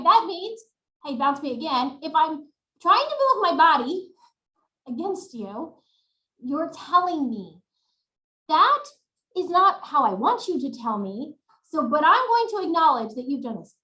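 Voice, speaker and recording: A woman leads a webinar from home, animated as she acts out routines for her audience. Her voice sits high and sounds bright. The webcam picks up a roomy, echoey space. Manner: animated, demonstrating routines aloud. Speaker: workshop presenter. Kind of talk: webinar teaching demonstration.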